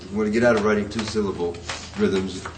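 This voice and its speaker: A man's voice: on the low side, steady tone, fast, background noise. A man lecturing a poetry class, rambling and hesitant, chanting rhythms aloud to show them. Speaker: poetry teacher.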